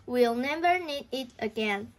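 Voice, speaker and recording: A woman reading a children's book aloud, voicing an anxious, excitable schoolboy in a worried way. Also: fairly high pitch, a little slow. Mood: dismissive.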